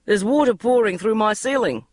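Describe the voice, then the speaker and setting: A woman's voice: lowish voice, moderate pace, no echo, close to an everyday voice. A woman voicing a blunt, friendly Australian man in an audiobook. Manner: blunt, shouting up from a window.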